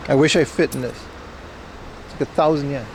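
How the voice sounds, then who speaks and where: A man's voice: mid-range voice, steady tone, a little fast. A man streaming live as he walks city streets, chatting casually with his viewers. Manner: chatty, addresses chat directly. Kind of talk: casual IRL livestream commentary. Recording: noisy outdoor street recording.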